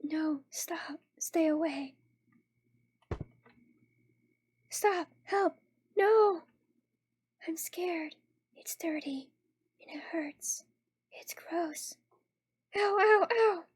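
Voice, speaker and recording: A woman voicing a timid, frightened young girl ghost in a horror game, speaking weakly and softly. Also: extremely high pitch, drawn-out words, long pauses, pitched above the performer's own voice, exaggerated voice. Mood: terrified whisper. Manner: weak, soft, breathy.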